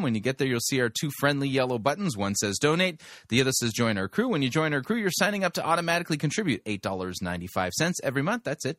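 Bright-voiced male talk radio host, dry studio sound. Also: medium pitch, dry recording. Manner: sarcastic, reacts loudly with mock outrage.

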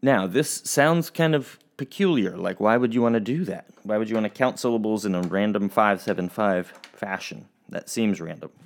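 A man's voice: fairly low pitch, moderate pace, few pauses. A young man teaching children a recorded lesson, friendly and rambling, with restarts and fillers. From Oregon, US.

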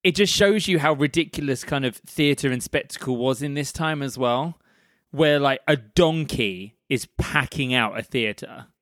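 A man's voice: medium pitch, unhurried, a bit bright, no echo, studio quality. A man co-hosting a podcast, chatting casually and thinking aloud with hedges and fillers. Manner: thoughtful, hedging with fillers. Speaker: podcast co-host. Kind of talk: casual chat.

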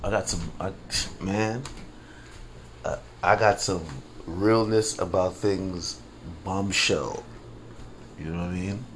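Slow, deep-voiced man rambling on a podcast. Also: steady tone, slight background noise. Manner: rambling, repeats phrases, laughs at own jokes; slangy and conversational. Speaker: podcast host. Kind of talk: casual solo podcast monologue.

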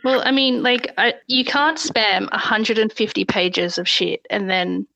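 A woman's voice: medium pitch, unhurried, creaky, bright, forceful tone, dull audio. A woman in a heated call argument, exasperated and blunt, swearing freely. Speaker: former contestant.

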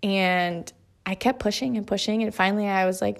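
A woman's voice: medium pitch, steady tone, moderate pace, gravelly. A woman in her thirties, an author, speaking earnestly in a motivational monologue, stressing points by repeating phrases in lists.

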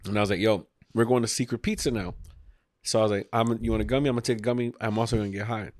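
A man's voice: on the low side, fairly even intonation, rapid-fire, darkish tone, no room sound, studio quality. Rambling man telling a story. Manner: rambling, acts out quotes, swears freely. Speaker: podcast host. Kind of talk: casual storytelling chat.

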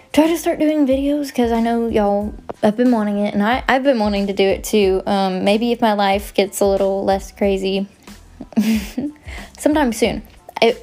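A young woman with a mid-range, dark-toned voice hosts her own podcast. Her talk is casual and rambling, goofy and self-mocking.

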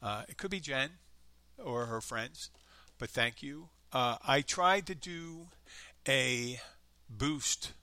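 Bright dry-voiced Philadelphia man. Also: mid-range voice, animated, slow pace, no room sound. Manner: rambling, self-deprecating, chatty. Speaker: podcast host. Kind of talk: casual solo podcast chat.

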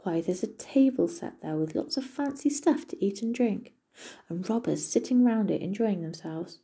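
A woman's voice: mid-range voice, expressive, normal speed, warm tone, husky. A woman voicing a friendly male donkey from a storybook, speaking in a hearty, coaxing way. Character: friendly male donkey, leader of animal band.

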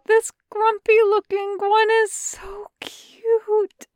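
A woman voicing a sweet, soft-hearted young man who gushes and tears up easily, slipping into breathy whispers. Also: extremely high pitch, flat delivery, drawn-out words, dry recording, clean studio sound, faint music behind, voice pushed up, exaggerated voice. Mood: gushing.

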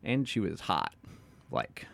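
A man's voice: a bass voice, wildly swooping pitch, slow, vocal fry, a bit bright, dry recording. A man co-hosting a podcast, recapping a book with sarcastic jokes and swearing. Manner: sarcastic, swearing, jokey asides. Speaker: podcast co-host. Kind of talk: casual chat and recap reading.

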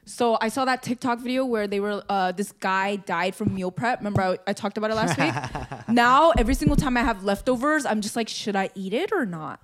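A woman's voice: fairly high pitch, fast talker, few pauses. A woman co-hosting a casual podcast chat, curious and full of questions. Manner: curious, asks lots of questions. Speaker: podcast co-host.

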